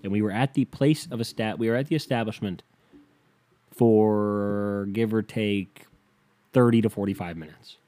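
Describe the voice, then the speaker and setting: A man's voice: on the low side, normal speed, warm tone. A young man ranting to camera in a casual comedic monologue, swearing freely and acting out the people he quotes. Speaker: comedic vlogger.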